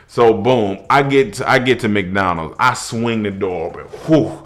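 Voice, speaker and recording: A young man telling a funny personal story, animated, laughing through it and rising to high-pitched shouts at the peaks. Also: moderate pace, few pauses. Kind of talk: comedic story.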